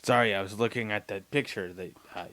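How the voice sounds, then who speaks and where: A man co-hosting a podcast who talks quietly, with low energy, and mostly agrees and asks short questions, speaking close to a studio mic with a pop screen. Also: a little fast, no room sound. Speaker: podcast co-host. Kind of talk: casual podcast chat.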